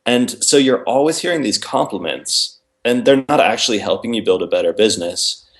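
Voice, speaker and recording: A man's voice: medium pitch, expressive, a little fast. A man, an author and interview guest, explaining his ideas in casual conversation and acting out both sides of imagined dialogues.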